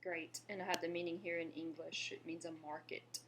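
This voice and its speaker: A woman from Louisiana leads a French lesson, low and unhurried, coaching listeners to repeat each word. Her voice is pitched low for a woman, with a faint hum of room tone behind her. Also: level tone. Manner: patient, slows down to model pronunciation and asks viewers to repeat. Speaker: French teacher. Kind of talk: language lesson.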